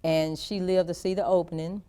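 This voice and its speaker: A woman being interviewed, telling a personal family story in a slow, soft, reflective way. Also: lowish voice, steady tone.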